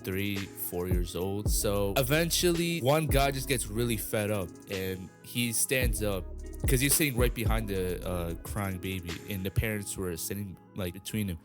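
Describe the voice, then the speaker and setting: A man's voice: fairly low pitch, normal speed. A young man telling a story casually, rambling with lots of fillers and some swearing. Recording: music playing underneath.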